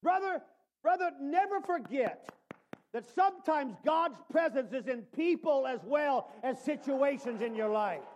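A male preacher giving a sermon, calling out to listeners by name and swinging from hushed asides to shouted emphasis. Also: very high voice, lively intonation, unhurried, dull audio, a little hiss or hum. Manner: addresses listeners by name as brother.

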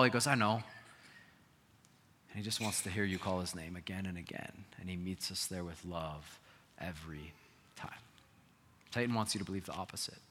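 Pastor guy preaching, lowish bright voice, big echoey church hall. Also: slightly rough. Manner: earnest, swings from loud emphasis to quiet asides. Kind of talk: sermon. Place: church sanctuary. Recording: long hall reverb.

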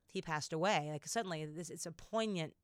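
A woman poet guest talking casually on a podcast, telling stories in an animated way and laughing easily. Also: low-pitched, brisk, clean tone, no room sound, studio quality. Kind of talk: casual conversation with poetry reading.

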